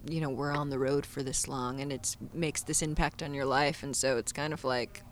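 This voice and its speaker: A woman's voice: rumbling low, fairly even intonation, normal speed, a little hiss or hum. A woman musician in an interview, reflective and a little wry about her craft. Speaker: musician guest. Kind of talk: conversational interview.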